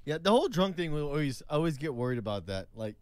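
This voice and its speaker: A man on a podcast, telling a personal story in a relaxed, halting way. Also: a little high, clean tone, no room sound. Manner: relaxed, halting, restarts often. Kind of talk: casual storytelling chat.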